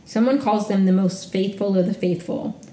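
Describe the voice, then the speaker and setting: A woman's voice: mid-range voice, normal speed, mellow, echoey room. A woman hosting a podcast, chatting casually and gushing, peppered with "like". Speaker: podcast host recapping reality TV. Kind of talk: casual solo recap.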